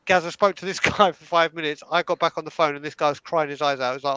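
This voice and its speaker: A young man tells stories in an animated, casual way, often stumbling into restarts. His voice sits fairly high and sounds smooth and resonant. The sound is close and dry. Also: fast talker, no room sound, lo-fi sound. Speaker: fan telling stories on a live stream. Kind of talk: casual storytelling.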